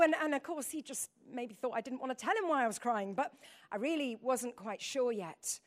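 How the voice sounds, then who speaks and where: High-voiced woman preaching a sermon. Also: moderate pace. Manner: rambling, emotional storytelling with calls to the congregation.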